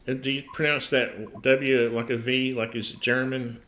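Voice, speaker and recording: A man's voice: mid-range voice, steady tone, a little slow, few pauses, fairly bright tone, slight background noise. A middle-aged man with a Tennessee accent hosting a casual livestream, rambling, chuckling and trailing off mid-sentence. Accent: Tennessee Southern US. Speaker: host.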